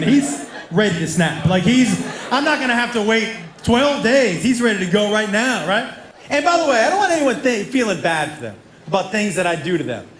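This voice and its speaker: A middle-aged man doing stand-up, telling stories in an animated way, laughing and acting out quotes with loud yelps. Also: high-pitched. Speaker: stand-up comedian. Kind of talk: stand-up storytelling. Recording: echoey venue with background noise.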